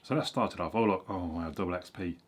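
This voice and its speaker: Talking fast in a deep, slightly rough voice, a vlogger from England gives a casual explanation of language learning. He rambles, says um often, and keeps correcting himself.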